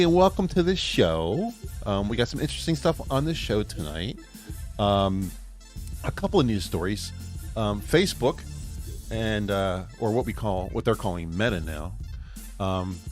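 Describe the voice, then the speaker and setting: A man's voice: lowish voice, lively intonation, moderate pace, soft background music. A man hosting a casual political chat stream, rambling with many fillers and restarts and laughing at himself. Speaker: podcast host.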